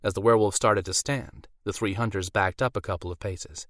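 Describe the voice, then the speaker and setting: A man narrates a fantasy novel in a measured, storytelling way. His voice sits on the low side, close on the mic and dry, with no room sound. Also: fairly even intonation, fairly bright tone, no echo. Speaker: audiobook narrator. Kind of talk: scripted narration.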